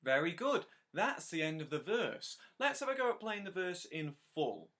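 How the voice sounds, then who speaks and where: A man's voice: high-pitched, big pitch swings, background noise. A man teaching a harmonica lesson step by step, patiently counting in and praising the learner. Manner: counts in and sings lines slowly; encouraging, patient.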